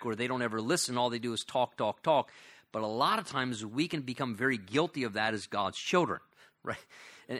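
Guy preaching a sermon, bright forceful voice, earnest and chatty, lots of restarts. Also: medium pitch. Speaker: pastor.

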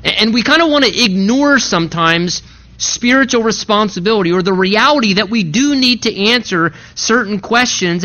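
Male pastor, high bright voice, emphatic sermon delivery with pressing repeated questions. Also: dull audio.

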